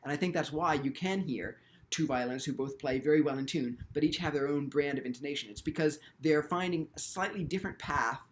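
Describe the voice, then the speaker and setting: Male violin teacher, slightly high voice, reflective lecturing tone with frequent ums and restarts. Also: brisk. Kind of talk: instructional video lecture.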